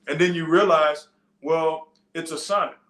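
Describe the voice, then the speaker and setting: A man's voice: fairly high pitch, fairly even intonation, unhurried, fairly bright tone, roomy sound. A man preaching a sermon in a loose, conversational teaching style, with frequent restarts and side stories. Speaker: pastor. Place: church.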